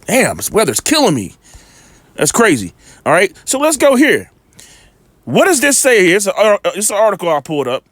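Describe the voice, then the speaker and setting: A man's voice: sits high, wildly swooping pitch, moderate pace, pauses often, a bit bright, dry recording. A man giving preaching-style Bible commentary in a video, emphatic and firing rhetorical questions at his listeners.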